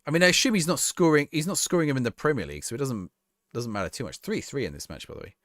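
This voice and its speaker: A man's voice: medium pitch, expressive, racing, a bit bright, no echo, clean studio sound. Chatty man streaming a game. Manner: chatty, rambling, laughs easily. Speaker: live streamer. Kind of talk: casual gameplay commentary, reading chat.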